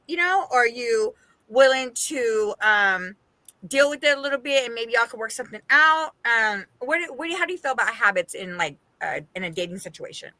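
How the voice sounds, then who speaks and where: Middle-aged woman from vegas, chatty podcast cohost, high bright voice, very lively. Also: no echo. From Las Vegas area. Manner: animated, acts out quoted voices, laughs often. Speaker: podcast co-host. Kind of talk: casual chat.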